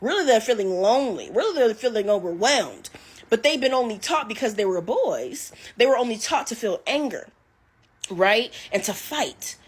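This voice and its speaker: Husky woman breaking down anime, emphatic. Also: a little high, moderate pace. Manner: animated, emphatic, keeps asking "right?". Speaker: anime commentator. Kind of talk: casual opinion talk.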